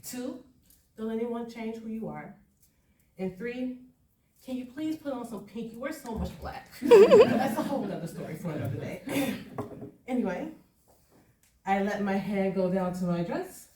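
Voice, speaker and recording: Animated woman telling a story on stage. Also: fairly high pitch, normal speed, long pauses. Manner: lively, laughing often, conversational. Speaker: performance poet. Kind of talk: live spoken-word storytelling. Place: stage at a live venue. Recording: echoey live room, far from mic.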